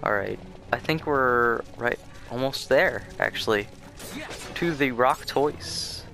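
A young man with a bright, forward voice talks his way through a video game, rambling and casual, restarting sentences and filling pauses. His pitch sits in an ordinary middle range, and faint game music plays under his voice. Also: creaky. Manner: rambling and chatty, with many fillers and restarts. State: sleepy, yawning. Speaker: let's play host. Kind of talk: casual gameplay commentary.

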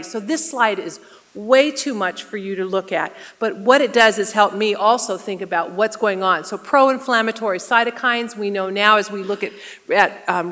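A woman's voice: mid-range voice, fairly bright tone. A middle-aged woman, a nurse presenter, giving a conversational health lecture and asking the audience questions. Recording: reverberant hall.

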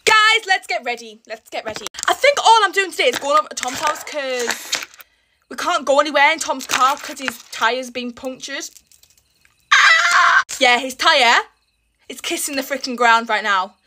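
Teen beauty vlogger, high and exasperated, recorded over steady cricket background noise. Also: female voice. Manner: rushed, exasperated, chatty. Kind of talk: casual get-ready-with-me chat. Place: home, indoors. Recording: noisy room with background cricket sounds. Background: cricket sounds from a smart speaker.

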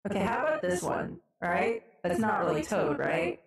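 A woman's voice: medium pitch, very animated, moderate pace, vocal fry, husky, no echo, clean studio sound. A woman streaming a video game, reading its dialogue aloud and commenting irreverently, swearing freely.

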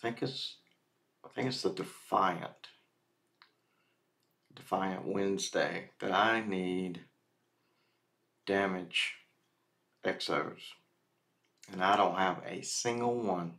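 Man, deep voice, gravelly, unhurried, casual gameplay commentary. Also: fairly bright tone. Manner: slow, muttering to himself. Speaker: streamer.

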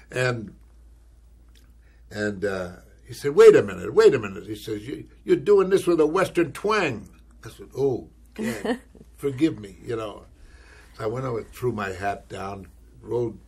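An older actor telling an anecdote in an interview, animated and acting out the voices he quotes, often adding "you know". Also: mid-range voice, breathy edge. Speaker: actor recalling his career.

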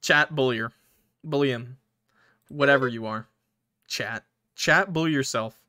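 A man's voice: mid-range voice, measured pace, pushed and bright. A man giving casual, joking let's-play commentary to his chat, swearing and mocking himself. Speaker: gaming streamer.

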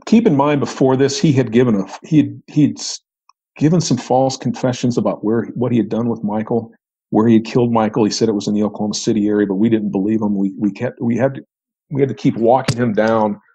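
A man's voice: medium pitch, steady tone, fast, dark tone, slightly rough, muffled recording. A middle-aged man, a retired federal agent, recounting an old case in conversation, often restarting and repeating words. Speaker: retired FBI agent, podcast guest.

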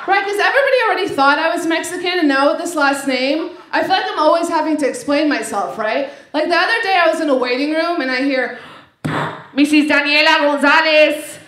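A woman's voice: high voice, fairly bright tone. A woman doing a stand-up set on a club stage, brash and profane, checking in with the crowd after each joke, into a handheld mic. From Lebanese family. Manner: brash, profane, quick asides with "right?". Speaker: stand-up comedian. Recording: echoey club, crowd noise.

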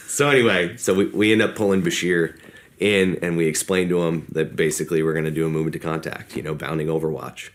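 A man with a very deep, low voice tells a war story in an interview. He talks in a casual, rambling way and acts out the lines people said. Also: steady tone, fast talker, slight background noise. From United States. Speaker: podcast guest.

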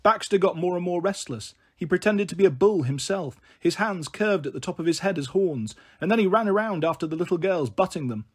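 A man reading a children's novel aloud as narrator, in a plain, steady storytelling manner. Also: sits high, fairly quick, few pauses, slightly rough.

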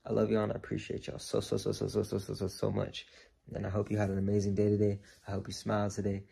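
A man vlogging casually, excitable and gushing, with a heartfelt, sincere way of signing off. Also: on the low side, fast talker, gravelly, breathy edge. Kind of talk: casual food vlog.

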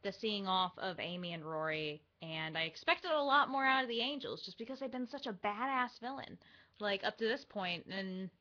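A young woman co-hosting a casual fan podcast, frank and lively. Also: medium pitch, normal speed. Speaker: podcast co-host. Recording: dull lo-fi livestream audio.

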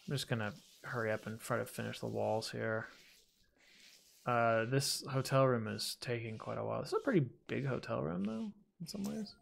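A gaming video host with a mid-range voice and vocal fry chats at a moderate pace in a casual let's-play, muttering to himself as he plays and joking about his own mistakes. There's slight background noise.

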